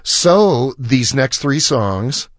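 A man's voice: mid-range voice, drawn-out words, no room sound, clean studio sound. A man guest on a radio show, telling a long story and acting out the lines of the people in it. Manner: animated storyteller who acts out quoted dialogue. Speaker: musician guest.

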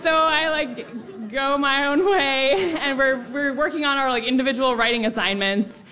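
An animated young woman tells a funny personal story live, poking fun at herself as she goes. Her voice sits a little on the high side. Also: normal speed, some chatter behind. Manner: animated, self-deprecating humor.

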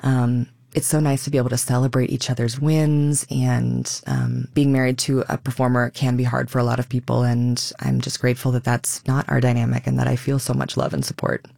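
An animated woman in her thirties speaks as a guest on a radio interview, with a gravelly, creaky texture in her voice. She is a stage actor who acts out quoted lines as she tells a story. The studio sound is dry and close. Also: extremely low pitch, fairly quick, few pauses, dry recording.

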